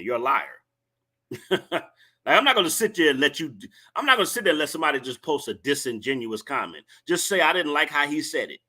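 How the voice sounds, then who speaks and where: A man's voice: mid-range voice, bright, forceful tone. A man hosting a livestream, scolding and lecturing his viewers in a repetitive rant. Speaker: livestream host. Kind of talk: ranting commentary to a live chat.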